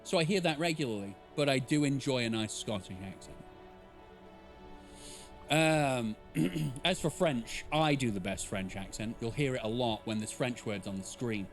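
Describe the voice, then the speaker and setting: A man's voice: mid-range voice, moderate pace, faint music behind. A man streaming a game live, chatting casually and joking with viewers, with profanity here and there. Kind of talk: live game playthrough with chat.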